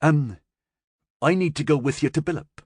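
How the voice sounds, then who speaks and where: Audiobook: male narrator voicing a frantic, high-pitched father, pleading and strained. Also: normal speed, slightly rough, no room sound, studio quality. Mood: anxious. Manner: pleading and strained, rising to shouts. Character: desperate frightened man, a worn-out father. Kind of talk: audiobook character voice.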